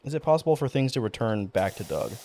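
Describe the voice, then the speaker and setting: A young man live-streams a game, rambling and casually swearing while he banters with his chat in mock outrage. His medium-pitched, dark voice swings widely in pitch and moves fast, with a bit of hiss or hum in the audio.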